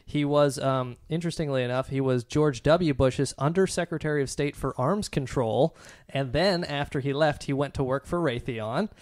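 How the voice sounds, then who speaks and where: A man co-hosting a casual podcast, walking through news articles with frequent ums and uhs. His voice is smooth and resonant, close to the mic in a dry, dead room. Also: medium pitch, moderate pace, darkish tone, no room sound. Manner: hesitant, many fillers, reads from articles. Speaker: podcast co-host.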